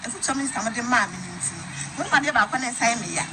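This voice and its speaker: A woman tells an animated story in casual gossip chat. She talks quickly in a fairly high voice. A steady noise runs under the recording. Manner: animated storytelling, switching between Twi and English. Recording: noisy background.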